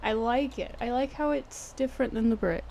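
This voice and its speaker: A woman's voice: on the high side, moderate pace, vocal fry, a little mellow, a little hiss or hum. A young woman with a Texan accent chatting casually and jokingly while streaming a game, slangy and swearing freely. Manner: laid-back, jokey, slangy, swears casually. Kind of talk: casual gameplay commentary.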